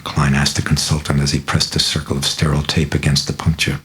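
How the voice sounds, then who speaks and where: Very deep-voiced man reading an audiobook. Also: level tone, brisk, hardly any pauses, low-quality recording. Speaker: author reading his book. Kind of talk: audiobook narration.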